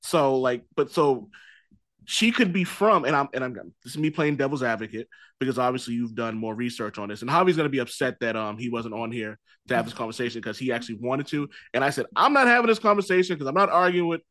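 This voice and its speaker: A man's voice: medium pitch, fast talker, fairly bright tone, dry recording. Rambling Boston man hosting a podcast. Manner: rambling, loose, swears casually. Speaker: podcast host. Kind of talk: casual podcast chat.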